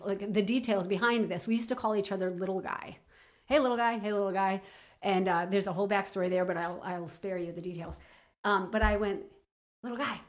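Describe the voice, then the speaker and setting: A middle-aged woman telling a personal story in an interview, halting with many fillers and restarts. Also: mid-range voice. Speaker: guest.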